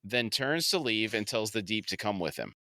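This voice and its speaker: Male podcast co-host, bright and punchy tone, dry recording; detailed recapper. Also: lowish voice, lively intonation, moderate pace, no echo. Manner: recaps episode scenes in detail, laughs easily. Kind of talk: casual podcast recap chat.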